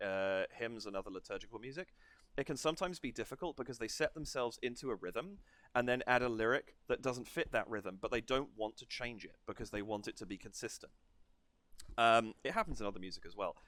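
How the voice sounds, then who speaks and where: Guy nerding out over song rhythm, counts beats out loud, dead dry close sound. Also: medium pitch, no echo. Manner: analytical, digressive, hums and counts out rhythms. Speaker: reaction video host. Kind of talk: music analysis commentary.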